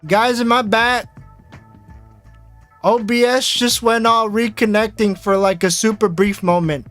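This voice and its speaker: A man's voice: high-pitched, fairly even intonation, a little slow, a bit bright, faint music behind. An American man chatting casually on a livestream in a rambling, chatty way with frequent laughs. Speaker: vtuber streamer.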